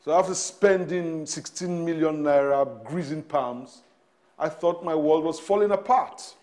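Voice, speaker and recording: A man's voice: a little high, unhurried, a little mellow, close to an everyday voice. A Nigerian man playing a family father in a film drama, apologising and explaining.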